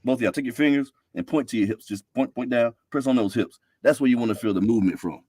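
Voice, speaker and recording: A man's voice: medium pitch, quick pace, dark tone. A man, a podcast guest talking in an easygoing, instructive way. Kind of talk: casual podcast chat. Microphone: remote live-stream call.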